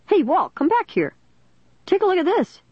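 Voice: medium pitch, big pitch swings, fairly quick, slightly rough, dry recording, highs cut off, voice pushed up. A reader voicing a male police officer who speaks in an urgent, raised voice.

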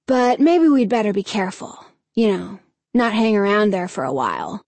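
A woman's voice: medium pitch, very animated, normal speed, a little mellow, dry recording. A woman voicing a nervous boy who tries to sound tough, in a storybook reading. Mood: uneasy. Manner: insistent, cautious. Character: nervous boy trying to act tough, Danny.

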